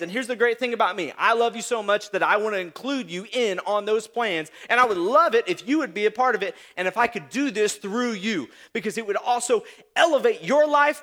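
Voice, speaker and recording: A man preaches a sermon in a strikingly high, bright voice. His pitch leaps around as he tells everyday stories and teases with mocking asides. He sounds like a pastor speaking to his congregation. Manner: animated storytelling with mocking asides.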